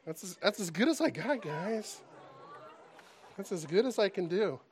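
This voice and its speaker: A man leading a church gathering in a loose, joking manner, poking fun at his own storytelling. His voice sits a little high for a man. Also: moderate pace, a faint crowd, a little hiss or hum. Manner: relaxed, self-deprecating, joking. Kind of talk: casual sermon with a told joke.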